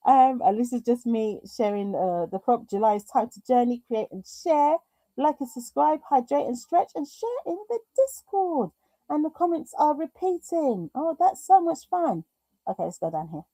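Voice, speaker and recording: With a slightly high, sing-song, warm voice at a moderate pace, a British woman hosts a live craft stream where she chats casually, reads viewer messages aloud, and talks herself through technical trouble. There's no echo.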